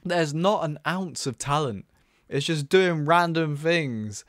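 A man's voice: fairly high pitch, slow pace, fairly bright tone, no echo, clean studio sound. Exasperated man reacting in disbelief. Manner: exasperated, incredulous, repeats himself. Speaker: commentator. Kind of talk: reaction commentary.

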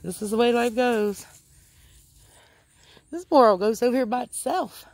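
A woman's voice: a little high, expressive, normal speed, a little mellow. A woman with a Midwestern American accent chatting casually in a home vlog, a bit out of breath, talking to her pets and viewers. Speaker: vlogger. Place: home kitchen and yard.

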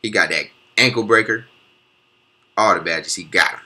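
A young man hosting a reaction video, excitable and slangy, talking back at the clips he watches. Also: fairly low pitch, normal speed. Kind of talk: hyped casual commentary.

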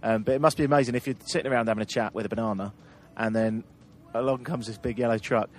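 A man's voice: mid-range voice, fairly even intonation, fast. A man hosting a travel podcast, telling road-trip anecdotes in casual chat and laughing through them.

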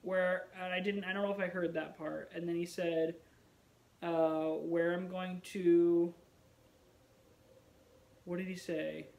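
A man's voice: high-pitched, flat delivery, normal speed, gravelly, poor audio. A man vlogging in a casual chat to the camera, rambling and musing aloud with wry, self-mocking humor.

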